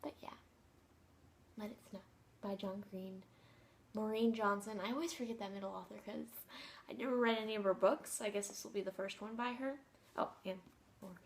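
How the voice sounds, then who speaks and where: A woman's voice: medium pitch, steady tone, normal speed, pauses often, a little hiss or hum. Bubbly teen girl gushing over books. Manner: bubbly, gushing, rambling with fillers. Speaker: book vlogger. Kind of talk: casual book haul chat.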